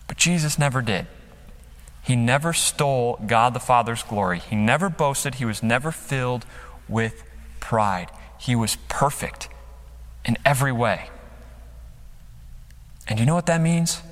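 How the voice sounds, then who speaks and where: A man's voice: medium pitch, measured pace, long pauses, fairly bright tone. A man preaching a sermon as pastor, emphatic, acting out quotes with dramatic rises and drops, speaking from a church stage. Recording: long hall reverb.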